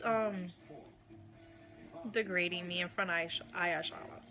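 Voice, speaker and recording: A woman giving a candid personal account as a guest, unhurried and full of "um" and "you know". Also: mid-range voice, steady tone, pushed and bright. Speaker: guest recounting her marriage.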